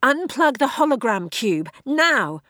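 A bossy young adventurer voiced by a woman reader who talks loud and fast. His voice is pitched up and pushy, always hurrying others along, and it sits close and dry on the mic. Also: sing-song, no room sound. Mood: commanding. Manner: loud, commanding, hurried.

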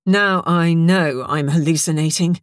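A woman's voice: low-pitched, fairly even intonation, unhurried, no room sound. A woman voicing a weary, sardonic woman adventurer in a dry, grudging tone. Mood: wry. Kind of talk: audiobook character voice.

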